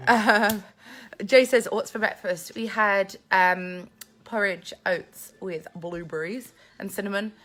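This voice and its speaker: A woman's voice: mid-range voice, steady tone, slow, fairly bright tone. Chatty woman on a phone live stream. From England. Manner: chatty, reads viewer comments aloud, laughs often. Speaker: vlogger hosting a live Q&A. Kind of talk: casual live-stream chat. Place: at home with family. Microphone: phone held in hand.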